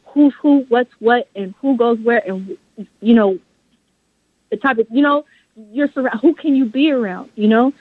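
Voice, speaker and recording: A woman's voice: on the high side, no room sound. A woman guest author in an interview, talking with passion and firm conviction. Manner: passionate, emphatic, faith-driven talk. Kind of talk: interview over a phone line. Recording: phone-line audio, dry.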